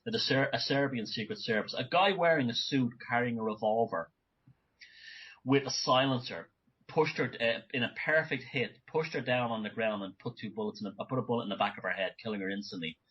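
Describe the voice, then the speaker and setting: A man's voice: mid-range voice, brisk, breathy edge, dull audio. A man speaking as a guest in an interview, talking in long rambling runs with many restarts and self-corrections. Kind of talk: remote conversational interview.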